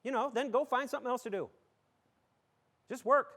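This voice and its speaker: A man's voice: very high voice, a little fast, pauses often, sharp tone. A middle-aged man from western New York, a school superintendent giving a folksy, joking, emphatic talk to a community audience. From southern tier of western New York.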